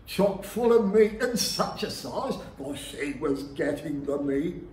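A man performing a comic music-hall song at a folk club, half singing and half speaking, with theatrical shouted outbursts. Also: on the high side, expressive, slow, a little hiss or hum. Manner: theatrical, with sudden shouted interjections. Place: live folk club room. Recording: echoey room with faint ambience.

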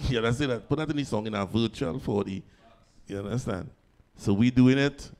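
A man's voice: mid-range voice, brisk, darkish tone. Jokey man hosting. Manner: jokey, chatty, laughs easily. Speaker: online concert host. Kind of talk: live show hosting.

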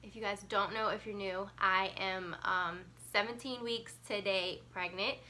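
Congested, breathless young mom vlogger. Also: female voice, mid-range voice, fairly even intonation, unhurried, bright, forceful tone. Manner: chatty, lots of ums and likes. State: congested, getting over a cold. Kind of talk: casual chat to camera.

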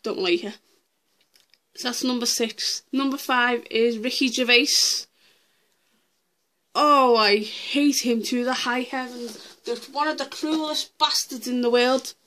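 Woman, vlog rant, blunt, swears a lot, slow pace, higher voice. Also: steady tone, a bit bright. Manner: blunt, heated, swears freely. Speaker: vlogger. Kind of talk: ranting countdown vlog.

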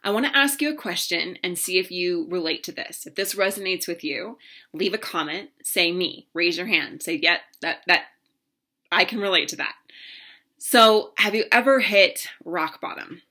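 Woman coach, 30s, earnest heartfelt storyteller, lowish pitch, bright tone. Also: moderate pace. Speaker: relationship coach. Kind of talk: personal story talk to camera.

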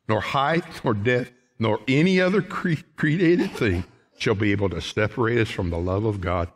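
A middle-aged man preaching a sermon in a church, folksy, calling the congregation folks, swinging from shouted lines to quiet ones. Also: lowish voice. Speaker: pastor. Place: church sanctuary.

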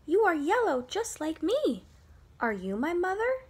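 A woman's voice: high voice, sing-song, slow pace, full character voice. A woman voicing a lonely little boy bird in a storybook, asking in a pleading voice. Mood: hopeful. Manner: pleading, cries out each question.

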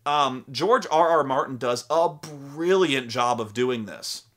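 A young adult male host speaks slowly at a medium pitch, his voice a bit bright. The talk is a casual ramble about tabletop role-playing games, profane and stuffed with acted-out quotes.

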